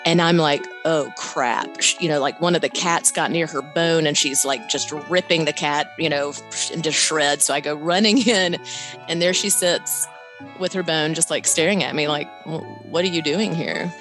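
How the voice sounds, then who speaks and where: A middle-aged woman telling a personal story in a lively way, laughing now and then. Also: sits low, moderate pace, over music. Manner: animated, laughs while telling, voice jumps up on quotes. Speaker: guest telling her story. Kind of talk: conversational storytelling.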